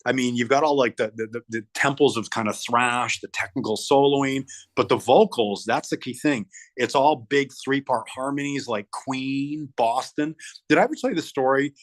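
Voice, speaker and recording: A middle-aged man chatting as an interview guest, talking in an animated way and often stumbling over and repeating words. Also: medium pitch, moderate pace. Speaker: guest musician. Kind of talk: casual interview chat.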